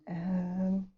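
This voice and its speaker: Irish girl giggling n chatting while drawing, mellow voice, bit of a muffled stream mic. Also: mid-range voice, slightly rough. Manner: chatty, giggly, talks to herself while sketching. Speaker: art streamer. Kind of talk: casual chat while drawing. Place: home room. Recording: dull lo-fi stream audio.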